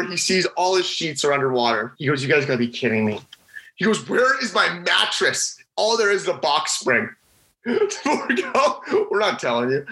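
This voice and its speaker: In a casual interview, a young man who used to play college hockey animatedly recounts a prank, voicing his friends' lines himself. His voice sits high at a normal speed, and the recording is low quality.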